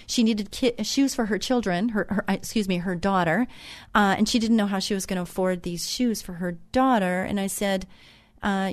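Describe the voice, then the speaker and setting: A middle-aged woman hosts her own talk show with a chatty, folksy way of telling stories. She is earnest and a touch preachy, repeating her lessons for emphasis and filling gaps with um and uh. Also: medium pitch. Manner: chatty, folksy storytelling with frequent um and uh. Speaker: radio show host. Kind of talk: motivational talk show monologue.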